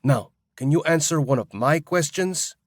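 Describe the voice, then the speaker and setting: A man's voice: a little high, expressive, moderate pace, dry recording, clean studio sound, voice pushed up. Man voicing desperate, hostile young stranger, odd accent, barks threats; audiobook. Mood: urgent. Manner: angry, threatening, curt.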